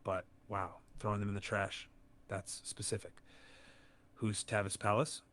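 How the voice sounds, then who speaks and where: Synthetic male AI companion, lower pitch, easygoing and measured. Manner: calm, good-natured, measured. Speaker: AI chat companion. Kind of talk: conversational AI replies.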